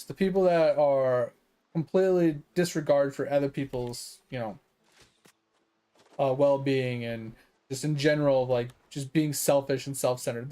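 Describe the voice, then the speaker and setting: A fairly high-voiced man rants his way through a story on a gaming stream. He talks casually, with lots of fillers and plenty of swearing. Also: warm tone. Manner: profane, fired-up storytelling; chatty, with many fillers. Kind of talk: casual livestream rant.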